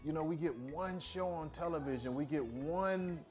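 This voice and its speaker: A man's voice: on the high side, moderate pace, a little mellow, faint music behind. A man in a documentary interview, bantering and laughing as he talks.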